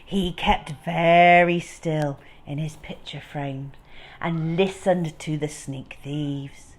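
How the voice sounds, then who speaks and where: A woman reading a children's storybook aloud, expressive and unhurried. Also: low voice.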